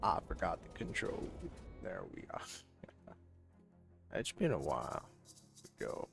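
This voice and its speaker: A low, gravelly man talks slowly through a video game, putting on a loose cowboy drawl as he reads its text aloud. His pitch swings widely as he jokes to himself, and faint game music plays behind him. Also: wildly swooping pitch. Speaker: game streamer. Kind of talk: casual let's-play commentary.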